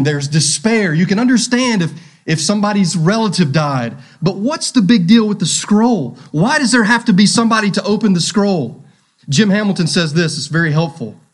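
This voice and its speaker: A male pastor preaching a sermon, asking rhetorical questions and repeating key phrases. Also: high-pitched.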